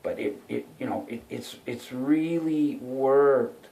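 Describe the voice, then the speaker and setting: A man's voice: mid-range voice, takes it slowly, creaky, dark tone. A middle-aged man from Canada, a singer, telling a personal story in a vlog, rambling and earnest, with many "okay"s and "you know"s. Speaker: singer and vlogger.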